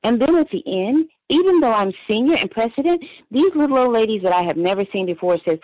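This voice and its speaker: A caller on a call-in show, telling rambling, animated anecdotes over the phone. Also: medium pitch, quick pace, dry recording, lo-fi sound. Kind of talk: casual call-in storytelling.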